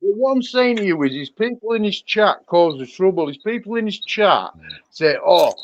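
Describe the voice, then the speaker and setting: A man's voice: sits high, animated, normal speed, no room sound. A man chatting on a call, rambling and swearing as he tells stories. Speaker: guest on live chat. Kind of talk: casual chat. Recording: dull dry call audio.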